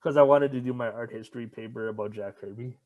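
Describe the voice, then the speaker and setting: A man's voice: mid-range voice, quick pace, crowd noise, rough recording. A young man co-hosting a podcast in casual chat, stammering and repeating words and swearing often. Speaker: podcast co-host.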